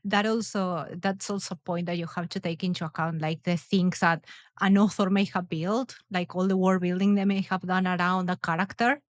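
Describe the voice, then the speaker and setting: A woman's voice: fairly low pitch, fairly even intonation, moderate pace, dry recording. A woman author hosting a casual interview, speaking thoughtfully as she asks questions and gives praise. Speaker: author and host.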